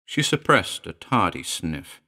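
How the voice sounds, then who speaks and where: A man narrating a horror story in a measured, dry manner. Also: low voice, sing-song, bright, forceful tone.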